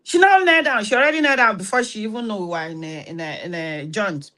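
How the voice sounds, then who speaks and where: Hosting an advice talk, a woman from Nigeria tells stories with animation and a preachy edge, acting out each line of dialogue in her Nigerian accent. She talks fast at a medium pitch.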